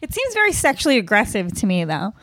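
A woman's voice: medium pitch, huge pitch swings, quick pace, fairly bright tone, no echo, studio quality. A woman co-hosting a podcast, joking and rambling in casual comedic chat. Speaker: podcast co-host.

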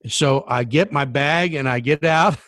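A man's voice: mid-range voice, a little slow, a bit bright, no echo. A man casually telling a long anecdote, with many ums and uhs along the way. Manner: rambling anecdote with many fillers. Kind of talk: casual storytelling.

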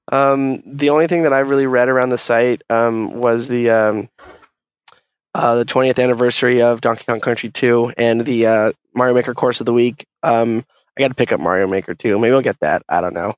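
A man's voice: mid-range voice, steady tone, normal speed, smooth, no echo. Guy rambling on a gaming podcast, lots of ums, dry close mic. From Alaska. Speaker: podcast co-host. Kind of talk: casual gaming podcast chat.

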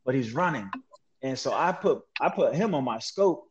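A man telling a story as a guest in an interview, animated and slangy, mimicking sounds as he relives events. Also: medium pitch, normal speed, muffled recording, slight background noise. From United States. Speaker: guest, military veteran.

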